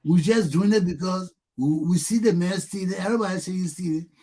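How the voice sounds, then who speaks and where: A Liberian man with a high-pitched voice hosts a talk show and rants about the state of his country. He mocks others by echoing their repeated shouts, and his speech is loose and forceful. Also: a little fast, husky. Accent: Liberian English. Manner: mocks people by mimicking their repeated yelling. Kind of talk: heated talk show commentary.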